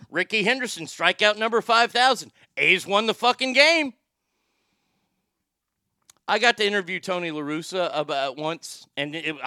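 A middle-aged man from Texas hosting a talk show, telling stories in a profane, animated, rambling way. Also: high voice, no echo, studio quality. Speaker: podcast host, former sports broadcaster. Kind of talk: casual storytelling monologue.

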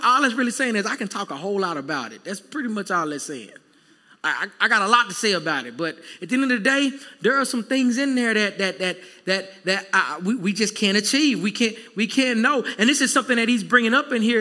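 A man preaches a sermon, chatting easily and then pushing up to emphatic peaks. His voice sits very high and sounds sharp and bright, with long reverb trailing behind it. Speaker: pastor.

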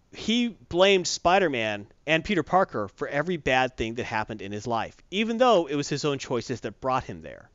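A man's voice: medium pitch, fairly bright tone, dry recording. A man casually reviewing comic books, sarcastic and exasperated, rambling through his opinions. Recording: dull, lo-fi, dry.

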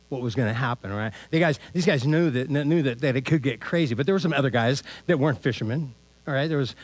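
The voice is on the high side: a male pastor giving a relaxed, chatty sermon. He stays animated throughout, punctuating his lines with "man" and "all right?".

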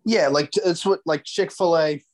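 A young man with a slightly high voice chats loosely as a podcast co-host. He laughs easily and stumbles over his words, restarting sentences as he goes. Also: moderate pace, darkish tone. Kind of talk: casual comedic chat.

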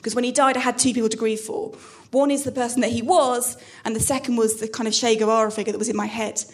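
Woman comic, rapid halting stand-up, high-pitched, self-mocking. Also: fairly even intonation, a little mellow. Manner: halting, self-deprecating, many restarts. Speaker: stand-up comedian. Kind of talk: stand-up set. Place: comedy club stage.

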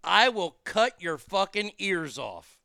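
Gravelly, bright-voiced man ranting profanely. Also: high-pitched, very animated, slow pace, no room sound, studio quality. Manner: angry, crude, blunt, heated. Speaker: streamer reacting to a news clip. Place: in a car.

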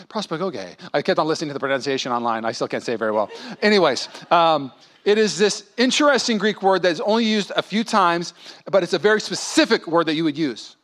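A man in his thirties preaching a sermon as pastor, animated and acting out quoted voices. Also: a little high.

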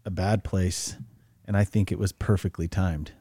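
A calm male host offers reflective, affirming comments in a low, mellow voice. The sound is dry and close with no room echo. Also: moderate pace, husky. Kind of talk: podcast interview.

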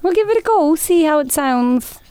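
A woman's voice: high-pitched, animated, moderate pace, warm tone. A woman co-hosting a podcast, talking bluntly in casual chat and reading out listener letters. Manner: blunt, chatty, reads listener letters aloud. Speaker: podcast co-host.

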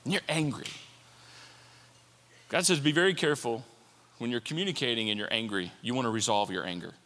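A man preaching a sermon as a pastor, animated and playful, with jokes and asides. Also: medium pitch, a little fast, slight background noise. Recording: long hall reverb.

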